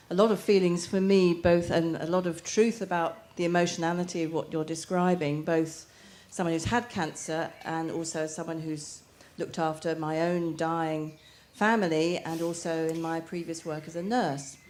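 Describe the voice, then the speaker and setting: Brief: earnest woman audience member, measured delivery, lowish voice. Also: a little mellow, slight background noise. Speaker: audience member asking a question. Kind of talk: audience question at a live talk.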